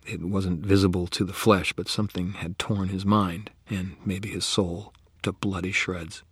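A man narrating first-person fiction in a grave manner, often dropping into a hushed whisper. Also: low voice, flat delivery, measured pace, breathy edge, no room sound. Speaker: audiobook narrator.

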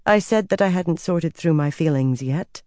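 A narrator voicing a young woman leader who speaks in a cool, measured and commanding way. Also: medium pitch, dark tone, dry recording, clean studio sound, natural voice. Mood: firm. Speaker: Amyrlin.

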